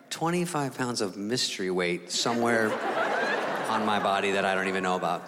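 A middle-aged man performing a stand-up routine, telling a self-mocking story in a sarcastic way with quick voices for others. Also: on the low side. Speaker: stand-up comedian. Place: large theater stage before a laughing audience. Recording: live hall with crowd noise.

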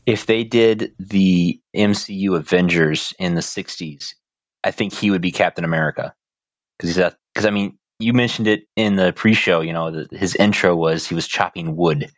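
A man's voice: sits low, moderate pace, no room sound, dull audio. A man co-hosting a podcast, chatting about movies in a wry, playful way. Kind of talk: casual movie-discussion chat.

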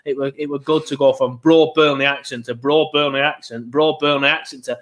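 A man's voice: mid-range voice, steady tone, fairly quick, fairly bright tone. A young man hosting a podcast in casual chat, rambling and swearing as he goes. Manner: rambling, swearing, self-interrupting. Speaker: podcast host.

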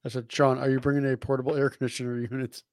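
A man with a mid-pitched, even voice, teasing his co-host and reading off the show's schedule in a relaxed way. The sound is close and dry. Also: very fast, no room sound. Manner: teasing, dry, plugs the show. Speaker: podcast co-host. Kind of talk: casual chat.

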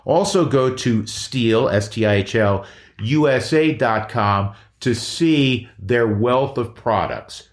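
Emphatic podcast host in a roomy space. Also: male voice, medium pitch, slow pace. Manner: energetic, emphatic, repeats key phrases. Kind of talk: casual chat and live ad reads.

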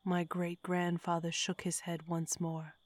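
Woman narrating horror, hushed and low. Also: monotone, unhurried. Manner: hushed, whispery telling. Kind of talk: horror story reading.

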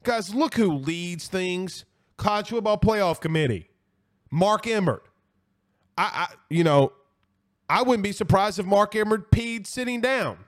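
Animated man hosting a sports stream. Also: sits high, measured pace. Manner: blunt, animated, repeats himself, swears then apologizes. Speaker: host of a college football show. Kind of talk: casual live-stream chat reading viewer comments.

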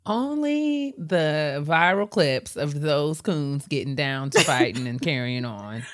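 A woman's voice: low voice, expressive, takes it slowly. A woman co-hosting a podcast in casual chat, dropping churchy praise and exclamations as she talks. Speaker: podcast co-host.

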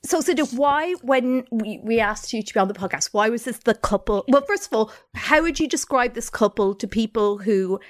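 A woman's voice: a little high, animated, moderate pace, hardly any pauses. A woman co-hosting a podcast, asking the guest questions and rephrasing them as she goes. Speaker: podcast co-host. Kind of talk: interview questions.

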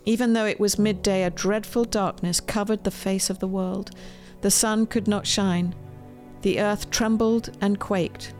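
A woman reading aloud from her own children's storybook, gentle and expressive. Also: medium pitch, measured pace. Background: faint music.

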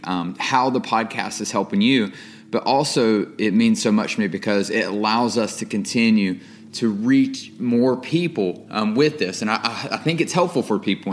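A young man with a drawl talks through his podcast in an earnest, rambling monologue. His voice sits a bit low, and he leans on ums and restarts as he thinks aloud. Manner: earnest, rambling, with many ums and repeated words. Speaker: podcast host. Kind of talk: casual faith podcast monologue.

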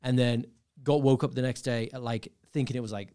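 A man's voice: mid-range voice, fairly even intonation, fairly quick, mellow, clean tone. A young man casually telling a long, rambling story on a podcast, full of fillers and laughter. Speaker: podcast guest.

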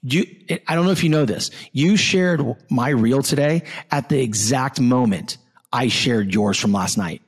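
Man, 30s, podcast host, casual chat, blunt, swears a lot, excitable, mid pitch. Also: normal speed, slightly rough. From Southwest Florida.

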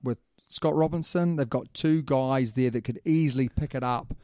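A man co-hosting a casual sports podcast, talking fast and laughing often. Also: medium pitch, warm tone, no echo, studio quality. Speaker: podcast co-host.

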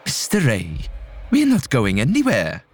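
A man's voice: medium pitch, huge pitch swings, unhurried, a little mellow, faint music behind. A male narrator voicing a breezy, stubborn old woman who refuses to leave her home.

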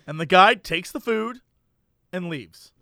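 A man's voice: high-pitched, slow, vocal fry, no room sound, studio quality. A man telling a funny anecdote in a casual chat, acting out the people in it and laughing often. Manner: animated, acts out voices in anecdotes, laughs often. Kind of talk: casual storytelling.

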